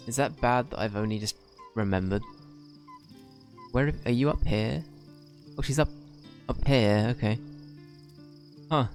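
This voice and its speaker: A man's voice: medium pitch, darkish tone. A man streaming a video game, chatting casually and laughing often. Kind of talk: casual gameplay commentary.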